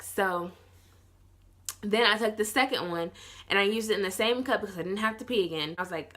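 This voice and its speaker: A nineteen-year-old woman tells a casual storytime, rambling with lots of "like" and swearing, and acts out other people in lower, softer voices. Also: a little fast. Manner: rambling, heavy use of "like", swearing. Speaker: vlogger.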